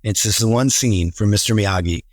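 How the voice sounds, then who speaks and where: A man in a casual podcast conversation, telling stories with animated quoted voices. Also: lowish voice, moderate pace, no echo, studio quality. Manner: animated storyteller, acts out quotes. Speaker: real estate team leader, podcast guest.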